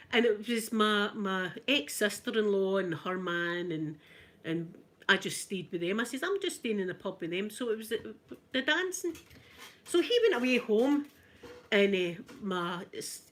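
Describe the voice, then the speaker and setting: A woman's voice: mid-range voice, fairly bright tone, a little hiss or hum. A middle-aged Scottish woman with a Glasgow accent, telling stories in a casual, chatty way with frequent "right?" asides. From Scotland. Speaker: vlogger. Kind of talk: casual storytelling while ironing.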